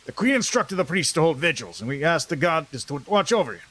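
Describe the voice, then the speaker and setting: A man's voice: a little high, sing-song, quick pace, bright, forceful tone, exaggerated voice. A man doing a weary, dutiful dwarf guard. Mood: wistful. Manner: solemn, dutiful, loyal. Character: weary battle-worn male dwarf banner guard. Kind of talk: reading game dialogue aloud in character.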